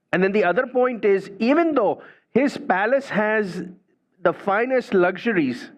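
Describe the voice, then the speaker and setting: A man giving a spiritual talk, telling a story in a conversational way and often tagging phrases with "you know" and "right". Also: high voice. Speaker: spiritual speaker. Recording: dull lo-fi recording.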